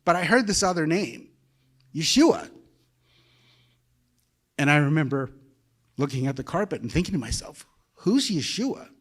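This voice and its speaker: A man's voice: fairly high pitch, animated, moderate pace, long pauses, fairly bright tone. A man, telling his conversion story in a sermon, emotional and conversational. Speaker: guest preacher. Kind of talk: personal testimony sermon.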